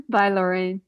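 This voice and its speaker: A woman's voice: medium pitch, dry recording, highs cut off. An older woman, a doctor hosting a radio talk show, telling stories in a chatty way with frequent laughs. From Canada. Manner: chatty storytelling, laughs often. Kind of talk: casual radio chat.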